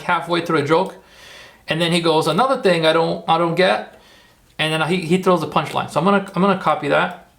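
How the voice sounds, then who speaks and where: Gravelly man hosting a livestream. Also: high-pitched, a bit bright. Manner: rambling, repeats himself, talks to chat. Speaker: livestream host. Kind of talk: casual tutorial livestream.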